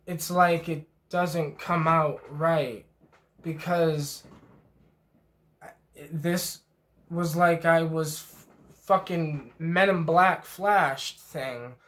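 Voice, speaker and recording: Rambling, profane man telling a trip story. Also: fairly high pitch. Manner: rambling, profane, emotionally stirred, lots of fillers. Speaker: trip report vlogger. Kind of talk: rambling first-person storytelling.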